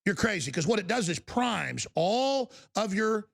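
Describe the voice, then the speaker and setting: A man's voice: high voice, very animated, measured pace, creaky. A man hosting a talk broadcast, ranting and mocking in an indignant way. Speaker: talk show host.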